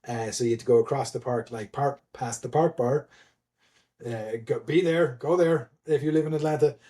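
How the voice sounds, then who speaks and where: A man telling a story in a casual podcast chat, animated and laughing, with many fillers and restarts. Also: mid-range voice. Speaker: guest, event admin.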